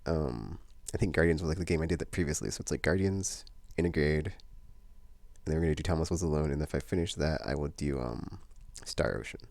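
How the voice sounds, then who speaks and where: Very low-voiced rambling man, gravelly. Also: fast, darkish tone, no echo. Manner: meandering, many fillers and restarts. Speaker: vlogger. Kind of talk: casual rambling chat.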